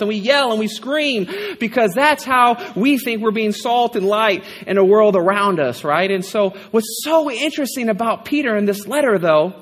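A man preaching a sermon in a conversational, animated way, often checking in with a rhetorical "right?". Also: high voice, in a large hall.

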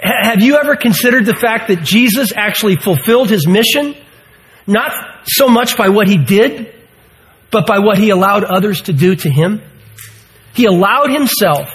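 Earnest man preaching, higher-pitched voice. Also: rough recording. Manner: earnest, emphatic preaching with rhetorical questions. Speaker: pastor. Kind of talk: sermon.

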